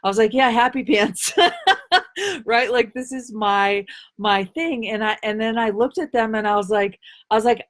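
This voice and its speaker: A woman's voice: medium pitch, normal speed. A woman coach chats on a live stream, answering comments as they come in. Her delivery is playful and bubbly, and she laughs often. She rambles loosely and leans on fillers as she talks. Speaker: intuitive life coach.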